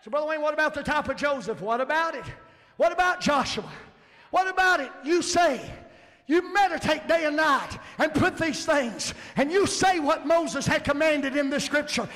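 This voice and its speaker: A man preaching a sermon in a church, fervent and building to emphatic shouts. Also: very high voice, normal speed. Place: church sanctuary. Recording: long church hall reverb.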